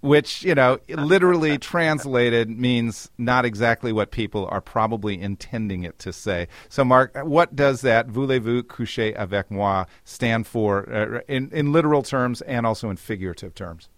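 A man's voice: medium pitch, normal speed, hardly any pauses, no echo, clean studio sound. A man hosting a radio interview, playful and jokey as he asks questions. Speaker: radio host.

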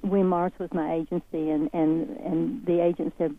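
A woman's voice: lowish voice, fairly even intonation, fairly quick, few pauses. Southern woman on a tinny phone line. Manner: folksy, earnest, encouraging. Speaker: guest speaker. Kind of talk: motivational interview talk.

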